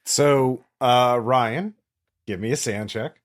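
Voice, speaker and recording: A man narrating as game master in a tabletop game, relaxed, with many pauses and ums. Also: medium pitch.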